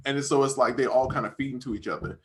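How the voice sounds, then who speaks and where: A young man, a music producer, co-hosting a podcast and talking casually in relaxed slang, often saying "dog" and "bro.". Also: mid-range voice, quick pace. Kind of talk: casual chat.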